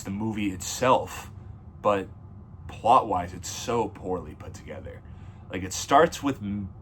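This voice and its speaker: Blunt and opinionated, a man reviews a film casually, wandering off and fixing his wording mid-sentence. His voice is fairly low and a bit bright, with slight background noise in the recording.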